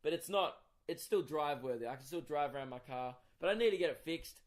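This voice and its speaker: Young Australian male comic, slightly high voice, sweary and exasperated, solo podcast storytelling. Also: brisk. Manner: profane, exasperated, animated ranting. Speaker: comedian and podcast host. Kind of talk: casual comic storytelling monologue.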